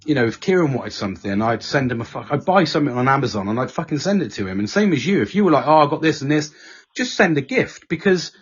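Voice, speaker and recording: A man's voice: medium pitch, very animated, fast, breathy edge. A man chatting casually as podcast host, swearing often and breaking into silly voices when quoting his friends. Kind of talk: casual chat. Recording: dull lo-fi sound.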